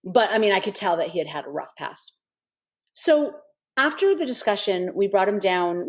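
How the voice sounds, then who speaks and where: Earnest woman telling a heartfelt story. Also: lowish voice. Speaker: guest, animal intuitive. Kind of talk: storytelling in a podcast interview.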